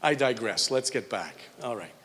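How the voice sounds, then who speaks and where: A radio morning show host from Montreal, Canada gives an informal tribute speech in a large event hall, rambling through jokey stories and acting out quoted voices. His medium-pitched, fairly bright voice is expressive at a normal speed, and the hall is reverberant.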